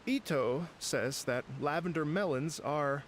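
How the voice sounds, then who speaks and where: A man's voice: on the high side, measured pace, a little hiss or hum, close to an everyday voice. An actor playing a polite male event organizer with a courteous, slightly hesitant way of talking, over game music.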